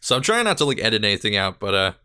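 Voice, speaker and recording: A man's voice: on the low side, sing-song, racing, sharp tone, clean tone, no echo, studio quality. A young man hosting a casual solo podcast, rambling with lots of fillers and a little out of breath. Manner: rambling, filler-heavy, self-deprecating. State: slightly out of breath. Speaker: podcast host and gaming YouTuber.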